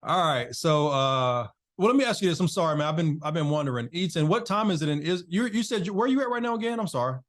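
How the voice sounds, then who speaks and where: Man, casual online business class host, chatty and loose, fairly high voice, video call mic. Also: lively intonation, quick pace, hardly any pauses, a bit bright. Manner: chatty, loose, talks to participants by name.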